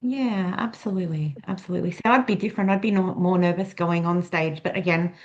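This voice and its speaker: A woman's voice: fairly low pitch, brisk, a little mellow, lo-fi sound. A woman interviewer hosting a casual talk, chatting in a friendly way and asking questions. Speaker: interviewer, host.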